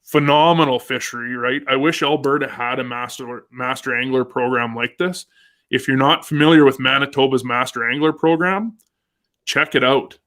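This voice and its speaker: A man's voice: medium pitch, normal speed, a bit bright. A man hosting a casual live fishing show, upbeat and chatty, reading out viewer comments. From Canada. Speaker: host.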